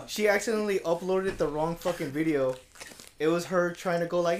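A man's voice: high-pitched, normal speed, slight background noise. A young man co-hosting a podcast, telling stories in a casual, profane, rambling way with many restarts. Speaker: podcast co-host. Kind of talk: casual chat.

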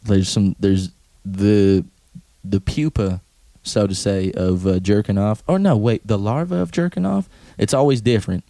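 A man's voice: a little slow, no room sound. A man co-hosting a casual comedy podcast, joking, laughing and swearing through the banter. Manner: jokey, laughing, swearing, animated pitch swings. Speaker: podcast co-host. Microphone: podcast microphone.

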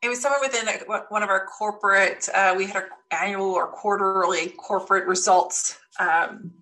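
A woman guest in a casual interview, telling lively stories and acting out what people said. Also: mid-range voice, moderate pace. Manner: lively storyteller, acts out quotes. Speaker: podcast guest.

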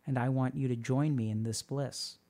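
A man putting on the voice of an eerily calm, overly blissful creepy man, speaking in a flat, soft, serene way. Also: mid-range voice, normal speed, vocal fry, voice pushed down, lightly acted. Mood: eerie bliss.

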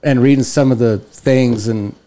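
Man, casual podcast chat, animated storyteller, middle pitch. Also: moderate pace. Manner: animated, jumps into high voices for quoted people. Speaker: podcast co-host.

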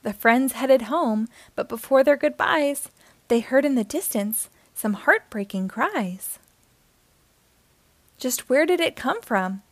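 Woman reading a children's rhyming book aloud, high voice, gentle lilt, dry close sound. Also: animated, takes it slowly, no echo. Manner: gentle, lilting storybook rhythm.

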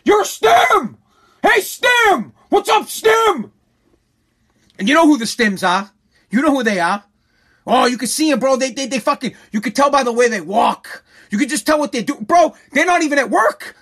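A man hosting a podcast, ranting angrily, yelling and swearing, hammering on his points with repeated phrases. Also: very high-pitched, animated, brisk. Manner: yelling, profane, aggressive; repetitive, emphatic phrasing. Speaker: podcast host. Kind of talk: angry podcast rant.

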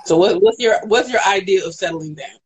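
A woman's voice: mid-range voice, fairly quick, husky. A woman in casual chat, teasing and probing with questions and frequent laughs.

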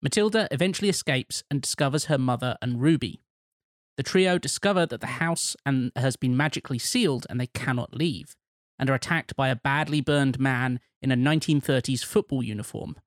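A man co-hosting a casual podcast, reading plot points and filling in casting choices in a relaxed way. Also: medium pitch, a little fast, no echo, clean studio sound. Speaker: podcast co-host. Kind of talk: casual chat, reading out a film pitch.

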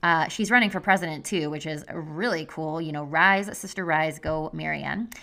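A woman's voice: sits low, moderate pace, gravelly, pushed and bright. A woman hosting her own podcast as a health coach, talking in a chatty, effusive way full of "like" fillers. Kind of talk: casual solo podcast talk.

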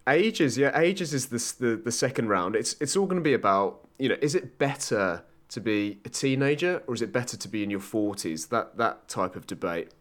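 A man's voice: mid-range voice, expressive, moderate pace, few pauses, fairly bright tone. A man, the show's quizmaster, explaining the week's quiz in upbeat casual chat.

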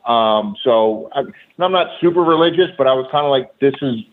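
A former wrestler appears as a guest and tells road stories casually, in a loose, profane, filler-heavy way. His mid-range voice is expressive and a little fast. The audio is a tinny phone line with slight background noise.

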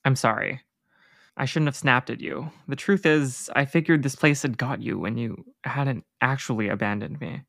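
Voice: medium pitch, normal speed, creaky, fairly bright tone, dry recording, studio quality. A podcast reader voicing a hurt, guarded teenage boy demigod while reading a novel aloud. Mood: softened.

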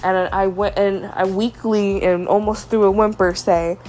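A woman's voice: medium pitch, steady tone, measured pace, hardly any pauses, darkish tone, a little hiss or hum. A young woman hosting a podcast, confiding a personal story in a hurt, frustrated way. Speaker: podcast host. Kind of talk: personal venting monologue.

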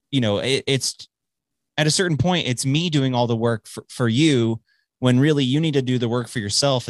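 Speaking at medium pitch with no room sound, a man hosts a podcast in a loose, rambling chat. He swears often and keeps restarting, and the mic is close and dry.

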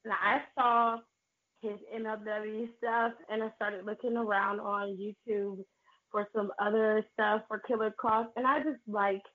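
A woman co-hosting a podcast, talking through her thoughts with hesitant restarts. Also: medium pitch. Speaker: podcast co-host. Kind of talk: casual chat. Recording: tinny phone-like line.

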